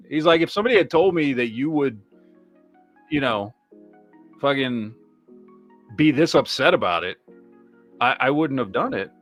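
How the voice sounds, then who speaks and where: A man hosting a podcast, rambling in casual chat, swearing heavily and reacting to viewer comments. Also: medium pitch. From Michigan, USA. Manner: heavy swearing, rambling, animated. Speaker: podcast host.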